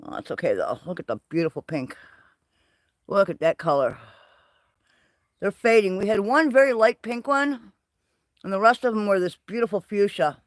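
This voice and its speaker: A man hosting a livestream, walking through his greenhouse and garden and chatting in an excitable, rambling way. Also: sits high, moderate pace, pauses often, dry recording, clean studio sound. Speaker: livestream host. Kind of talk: casual walking garden tour. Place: greenhouse and garden, partly outdoors.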